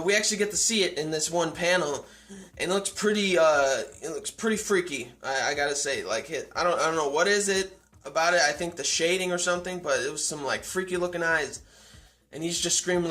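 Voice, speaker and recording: A man's voice: fairly high pitch, fairly bright tone. A young man casually recapping a comic chapter in a rambling, amused way, full of fillers and restarts. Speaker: manga review vlogger.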